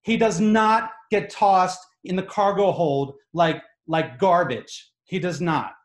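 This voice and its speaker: An animated, exasperated man spins a comic story for a live audience. His voice sits a little high for a man and leans hard on his points. The room adds a clear echo. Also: slow pace. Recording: echoey room.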